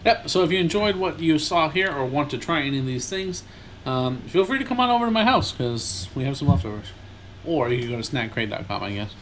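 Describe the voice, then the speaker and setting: A man's voice: on the high side, lively intonation, brisk, noisy background. A man co-hosting a casual snack-tasting podcast, talking in an easygoing, rambling way with lots of fillers. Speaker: podcast co-host. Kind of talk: casual chat.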